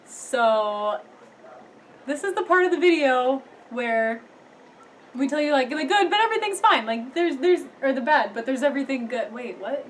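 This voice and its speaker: A young woman vlogging casually to camera, chatty and quick to laugh, with lots of fillers. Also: sits high, animated, slight background noise, rough recording. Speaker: vlogger studying abroad.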